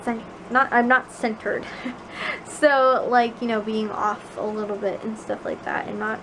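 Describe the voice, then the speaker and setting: A woman's voice: on the high side, level tone, a little slow. A young woman from the Chicago suburbs, chatting casually to camera in her bedroom and rambling with many filler words. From Chicago suburbs, USA. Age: young adult. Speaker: vlogger. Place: bedroom at home at night. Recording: noisy home recording.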